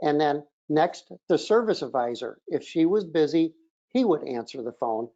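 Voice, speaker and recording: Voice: medium pitch, expressive, moderate pace, mellow, highs cut off. An auto repair shop trainer giving a webinar presentation in an instructive, emphatic way, often opening a point with "look".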